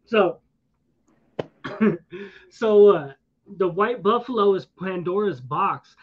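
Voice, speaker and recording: A man with a high voice tells a loose, rambling story in easygoing chat, full of slangy asides and restarts. His voice comes through a dull, lo-fi recording. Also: lively intonation, slow. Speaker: streamer. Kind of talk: casual storytelling to a listener. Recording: dull lo-fi sound.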